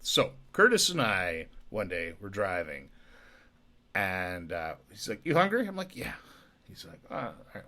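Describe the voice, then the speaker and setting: Rambling drunk man with a gravelly voice. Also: sits low, big pitch swings, measured pace, sharp tone. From Alberta, Canada. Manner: rambling, profane, laughing asides. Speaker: podcast host.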